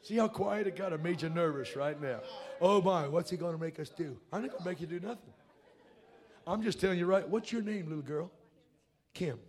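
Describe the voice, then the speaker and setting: High-voiced preacher, hushed to shouting. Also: male voice, a little fast. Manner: swings from hushed to shouting, colloquial and blunt. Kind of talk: revival sermon.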